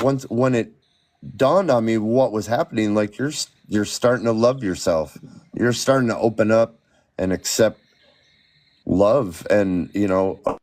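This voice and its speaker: A man's voice: on the low side, darkish tone. A man in his forties speaking candidly in a casual podcast chat, often breaking off and restarting his words. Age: 40s. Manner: candid, halting, restarts mid-word when emotional. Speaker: podcast guest.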